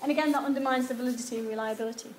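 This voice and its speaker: A woman giving a university lecture, animated and acting out example replies. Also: high voice, very fast. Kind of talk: lecture on research methods. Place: lecture hall. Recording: echoey lecture room with some background noise.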